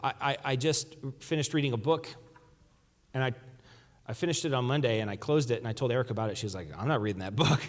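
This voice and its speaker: A man's voice: medium pitch, fast talker, long reverb tail. A man preaching a sermon as a pastor, talking in a conversational way and often restarting his sentences. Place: church sanctuary.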